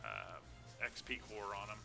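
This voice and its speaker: A man's voice: on the low side, sing-song, unhurried, vocal fry, over music. A man chatting casually and laughing often while live-streaming a game.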